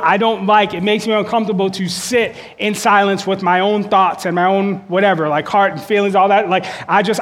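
A man's voice: high-pitched, a bit bright. A male pastor giving a conversational sermon. He repeats words and often checks in with "okay?".

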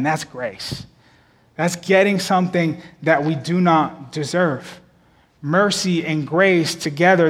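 A man in his thirties delivering a sermon in a church, his voice set a little high. He talks in a loose conversational way and doubles back on words. The sound rings with a long reverb off the hall walls. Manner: conversational, repeats words and phrases. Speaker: preacher.

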